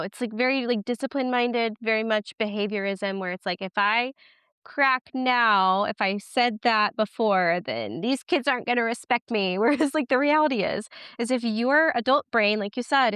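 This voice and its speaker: Woman in her 30s chatting as a podcast guest, smooth clear voice, dry close mic, lots of "like". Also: fairly high pitch, no room sound. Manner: chatty, animated, many "like" fillers. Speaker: podcast guest, twin parenting educator. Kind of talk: casual interview chat.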